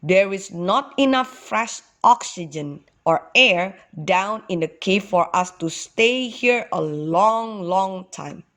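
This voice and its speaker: A woman voicing a kind, gentle father ox in a children's storybook, speaking slowly. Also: mid-range voice, lively intonation.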